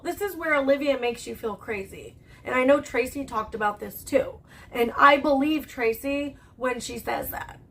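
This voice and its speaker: Woman YouTuber, high voice, blunt and heated, sprinkles in profanity, casual storytime delivery. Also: fairly bright tone, rough recording. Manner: blunt and heated, heavy swearing, keeps asking "okay?". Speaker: commentary YouTuber.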